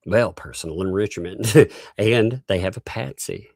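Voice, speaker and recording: Man host, slow, low, dry-miked, wide-ranging pitch. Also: gravelly, darkish tone, no room sound. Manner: slow, musing, pointed questions with laughs. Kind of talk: live-stream commentary.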